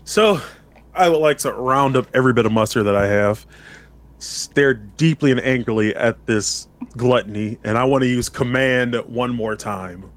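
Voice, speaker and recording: A man's voice: medium pitch, normal speed. A man playing a tabletop game, hesitant and full of rule questions. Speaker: player. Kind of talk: casual chat.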